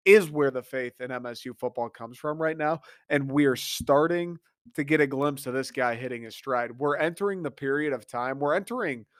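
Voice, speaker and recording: A man's voice: fairly high pitch, a bit bright, dry recording, studio quality. A young man hosting a sports podcast, talking in a fired-up, repetitive monologue with casual swearing. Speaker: podcast host.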